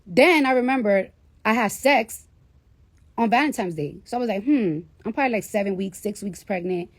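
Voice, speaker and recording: A woman's voice: medium pitch, animated, normal speed, no echo. Candid, foul-mouthed woman telling a story. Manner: candid, profanity-laden, chatty. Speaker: livestreamer. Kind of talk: casual storytelling to a live audience.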